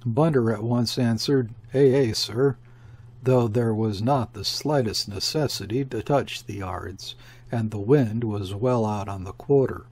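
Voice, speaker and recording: A man reading a classic short story aloud as an audiobook narrator, measured and steady. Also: lowish voice, slightly rough. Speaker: audiobook reader. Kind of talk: scripted narration.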